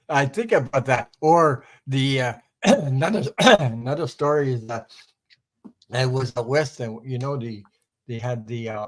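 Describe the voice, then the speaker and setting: A man's voice: medium pitch, low-quality recording. Older french canadian guy, mid voice, rambling anecdotes, keeps cracking up. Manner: rambling anecdotes, laughs at his own stories. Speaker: guest. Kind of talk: casual storytelling chat.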